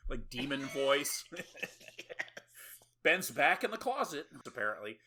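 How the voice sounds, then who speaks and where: Bright-voiced sarcastic podcast host. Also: male voice, mid-range voice, big pitch swings, takes it slowly, a little hiss or hum. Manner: sarcastic, swearing, laughing asides. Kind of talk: casual movie recap.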